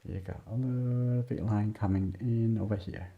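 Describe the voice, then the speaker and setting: A man teaching a drawing lesson as he works, talking softly in short, simple, broken phrases. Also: lowish voice, fairly even intonation, moderate pace, creaky. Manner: soft-spoken, murmuring, simple broken phrasing. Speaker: art teacher. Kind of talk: drawing lesson narration while working. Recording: dull lo-fi sound.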